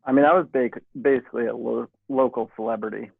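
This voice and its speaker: A man's voice: medium pitch, fairly even intonation, quick pace, creaky, husky. A man, a dentist guest, telling teasing stories in casual podcast chat over a video call. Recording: dull dry video-call audio.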